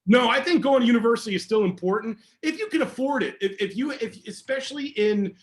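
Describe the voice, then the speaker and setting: A man, a security educator, answering questions in a casual online session with energetic, emphatic talk. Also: very high-pitched, fast talker.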